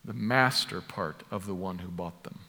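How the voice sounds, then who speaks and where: A man's voice: low voice, moderate pace, bright, forceful tone. A man preaching an expository sermon, explaining a passage in an emphatic way and repeating key words for stress. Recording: long hall reverb.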